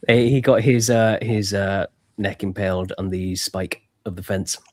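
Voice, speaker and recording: A man's voice: sits low, little pitch movement, measured pace, a little mellow, dry recording. An English man co-hosting a casual chat while reacting to videos, sarcastic and often laughing. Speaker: podcast co-host.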